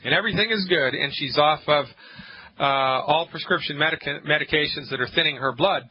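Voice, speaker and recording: On a dull, lo-fi call-in health radio show, a man hosts as a naturopath, emphatic and jokey, ranting with mock-angry acted quotes. His voice is husky, fairly high, and fairly quick.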